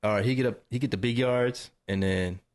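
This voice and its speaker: A man's voice: medium pitch, a little fast, a little mellow. A man co-hosting a podcast, chatting casually and laughing about fantasy football. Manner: laid-back, chatty, laughs often. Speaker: podcast co-host.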